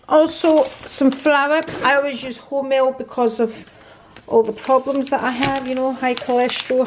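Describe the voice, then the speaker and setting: A woman's voice: sits high, noisy background. A middle-aged woman chatting casually to camera at home in a rambling way, laughing often. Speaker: vlogger. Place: at home, indoors.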